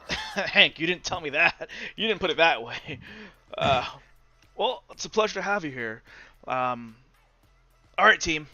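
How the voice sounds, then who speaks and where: A man's voice: on the high side, lively intonation, measured pace, pauses often, pushed and bright, no echo, faint music behind, full character voice. A man doing a genial older winged team leader. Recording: dull lo-fi recording.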